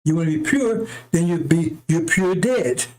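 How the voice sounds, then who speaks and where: A man's voice: fairly high pitch, expressive, normal speed, darkish tone. A man giving a heated, profane preaching monologue, often repeating himself and asking "right?" or "see?". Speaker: religious preacher. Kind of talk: impassioned unscripted preaching monologue.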